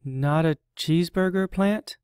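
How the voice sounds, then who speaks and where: A lonely storybook raccoon, earnest and simple, as a reader plays him, speaking plainly and unhurried. The voice stays close to an everyday reading voice and is recorded dry. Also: mid-range voice, a little mellow, smooth, no room sound, lightly acted.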